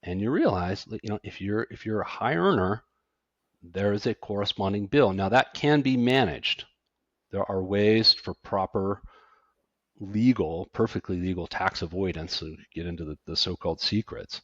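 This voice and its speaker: Accountant guest, middle-aged man, lively and self-deprecating, low voice, dry close recording. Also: normal speed, no room sound, lo-fi sound. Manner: animated, self-deprecating, stammers on restarts. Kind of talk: casual podcast conversation.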